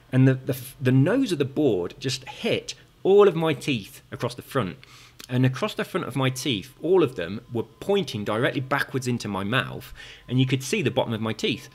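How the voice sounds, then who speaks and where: A man with a very slight lisp, chatting casually through viewer comments and drifting into tangents with lots of fillers and restarts. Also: medium pitch. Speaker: gaming video creator reading viewer comments.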